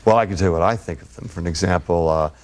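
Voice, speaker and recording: A man's voice: deep voice, rapid-fire. A man telling rambling, laughing anecdotes as a guest on a TV talk show. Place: TV studio.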